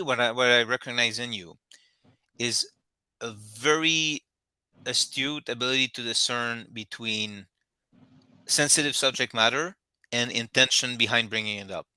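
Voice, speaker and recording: A man's voice: medium pitch, pushed and bright, dry recording. A man hosting a talk show, chatting casually and often stopping to restart his sentences. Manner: halting, restarts often, many fillers. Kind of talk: casual interview chat.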